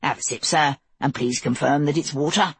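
A woman's voice: sits low, normal speed, slightly rough, no echo, full character voice. A woman playing a showy court magician. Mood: theatrical. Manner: theatrical, courteous.

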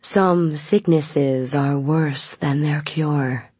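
Menacing male vampire, sly, slow and deliberate, husky, dry close sound, audiobook, voiced by the narrator. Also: mid-range voice, steady tone, darkish tone, no echo. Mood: sinister.

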